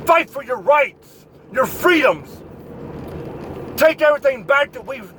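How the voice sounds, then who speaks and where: A man's voice: extremely high pitch, a bit bright, rough recording. A man delivering a profane political rant, lecturing the listener directly and swearing freely. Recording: outdoor traffic noise behind voice.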